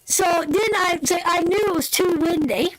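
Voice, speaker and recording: A tarot live-stream host with a strikingly high voice tells a casual anecdote, speaking loosely and colloquially, saying "me" for "my" and often breaking into laughter. She's an animated storyteller at a moderate pace, though the audio is poor.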